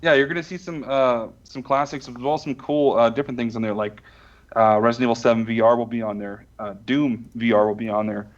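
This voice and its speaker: A relaxed man co-hosts a podcast in a middle-pitched voice, with small chuckles. His mic sounds dull and lo-fi, and keyboard typing can be heard behind him. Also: quick pace. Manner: relaxed, chuckling, promo-reading. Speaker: podcast co-host. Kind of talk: casual podcast chat.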